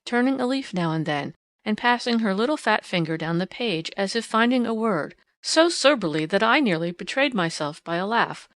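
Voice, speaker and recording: Female audiobook narrator, first-person storytelling, expressive but measured, dead-dry studio sound. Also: medium pitch, no echo.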